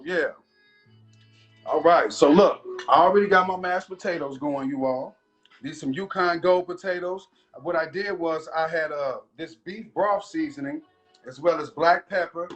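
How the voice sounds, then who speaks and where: A man hosting a casual cooking show from his home kitchen, chatting loosely and talking straight to his viewers. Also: on the high side. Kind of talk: casual live cooking chat. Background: faint jazz music.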